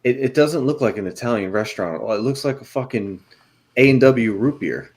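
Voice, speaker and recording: Mid-pitched man telling a story with swearing. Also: animated, brisk, darkish tone. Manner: storytelling, profane, laughing. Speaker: co-host. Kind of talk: casual food chat on a show.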